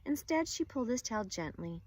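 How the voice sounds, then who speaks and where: A woman teacher reading a children's chapter book aloud, expressive and engaging. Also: on the high side, a little fast. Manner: expressive storyteller.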